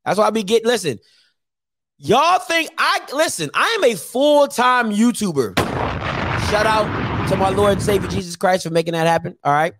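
A man's voice: high-pitched, expressive, moderate pace, a bit bright. A man hosting his own YouTube show, chatting casually and teasing viewers, with lots of fillers. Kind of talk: casual live-stream talk.

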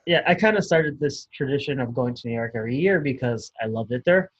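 A man's voice: medium pitch, expressive, fast, muffled recording. A man co-hosting a podcast, telling a story in a rambling, hesitant way with laughs. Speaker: podcast co-host. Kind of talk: casual storytelling chat.

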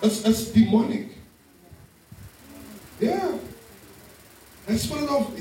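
A man with a very high voice preaches an animated sermon, laughing often and calling on the congregation to respond. He is heard from some distance in a church hall, with heavy echo around him. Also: takes it slowly, pauses often, slight background noise. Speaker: pastor. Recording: very echoey hall from far off.

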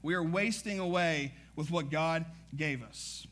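A man preaching a sermon as pastor, energetic and conversational, with frequent asides to the congregation. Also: a little high, measured pace.

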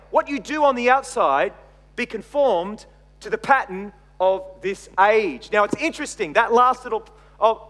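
Middle-aged Australian male pastor, high voice, dynamic sermon delivery, recorded with long hall reverb. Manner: expressive preaching, swinging between loud emphasis and quiet asides.

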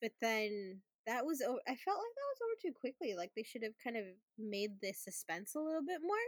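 A woman's voice: on the high side, very animated, brisk, no room sound, studio quality. A woman co-hosting a podcast, chatting casually about a film with many fillers and frequent laughter. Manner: chatty, lots of "like", laughs often. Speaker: podcast co-host. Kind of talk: casual movie review chat.

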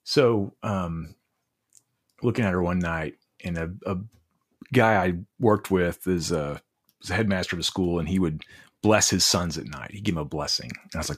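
Very deep husky-voiced man. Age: middle-aged. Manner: halting, heartfelt, many restarts. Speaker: podcast guest, leadership coach. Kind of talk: casual interview storytelling.

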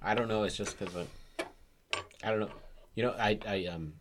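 A man's voice: on the low side, normal speed, background noise. A young man hosting a podcast in casual chat, joking and teasing his friends. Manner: joking, teasing, laughs often. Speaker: podcast host.

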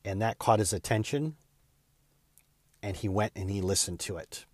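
A man, a real estate agent, telling a heartfelt personal story in an earnest way that speeds up and slows down with emotion. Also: fairly low pitch, dry recording.

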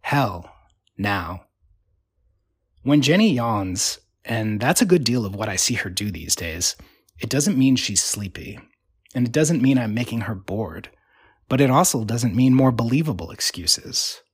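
A man narrating a literary story in a wry, rhythmic, deadpan way. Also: medium pitch, moderate pace, husky, no room sound.

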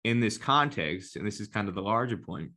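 Guy, bright tone, casual talker who mimics critics. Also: lowish voice, brisk. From New Jersey, United States. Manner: animated, acts out quoted critics in a raised mocking voice. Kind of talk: casual conversation.

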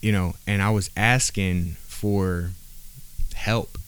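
A man's voice: deep voice, steady tone, takes it slowly, smooth. A man on a podcast, telling a personal story in casual street slang, with lots of "bro" and "like" fillers. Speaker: podcast guest.

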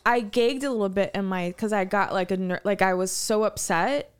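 A woman co-hosting a podcast, telling a story in excited, sweary casual chat, quoting people as she goes. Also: medium pitch, moderate pace, slight background noise. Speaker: podcast co-host.

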